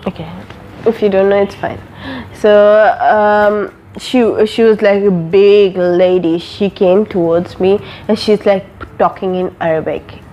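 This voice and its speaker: A woman's voice: mid-range voice, fairly even intonation, unhurried, warm tone, a little hiss or hum. A young woman from an Arab country, a vlogger telling a personal story in a casual, rambling way full of fillers and restarts.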